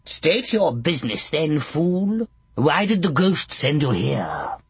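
A crafty old witch coaxes and pries in a sly, raised voice, as a male storyteller puts her on. The tone is husky and dry, chummy one moment and sharp the next, a storybook hag through and through. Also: very animated, takes it slowly, dry recording, heavily acted. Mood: demanding. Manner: coaxing, sly, raised pitch.

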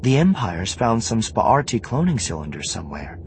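A man voicing a gentle, probing woman. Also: on the low side, sing-song, moderate pace, slight background noise, voice pushed up. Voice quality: soft and gentle. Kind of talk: audiobook character voice.

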